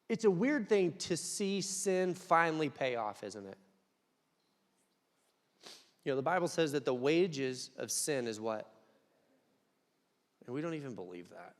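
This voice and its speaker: Young male pastor, casual and emphatic. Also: fairly high pitch. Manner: conversational, swings from quiet to loud emphatic peaks. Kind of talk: sermon. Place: church hall. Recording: long hall reverb.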